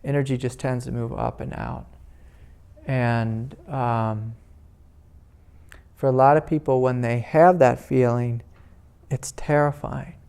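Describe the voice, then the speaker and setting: A man, a spiritual teacher, giving a gentle, rambling talk at a meditation retreat, full of "you know" fillers. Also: medium pitch, fairly even intonation, slow pace, vocal fry, long pauses, clear, resonant tone. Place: indoor retreat meeting room.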